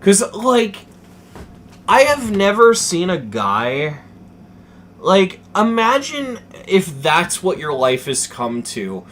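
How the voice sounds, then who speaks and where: Slow-talking young man telling a story. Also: high voice, slight background noise. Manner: animated, profane, swings between mumbling and excited. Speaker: streamer. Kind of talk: casual storytelling chat.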